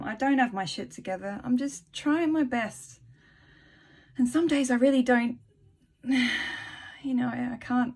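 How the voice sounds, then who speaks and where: A woman talking casually in a spiritual vlog, soft-spoken and rambling, laughing often and reading a short piece aloud. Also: a little high. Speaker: spiritual vlogger.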